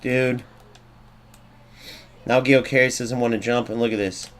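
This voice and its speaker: A man's voice: mid-range voice, a little slow. A young man streaming a football video game, commenting live, swearing and ranting about glitches. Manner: excitable, swears, rants at the game. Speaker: gaming streamer.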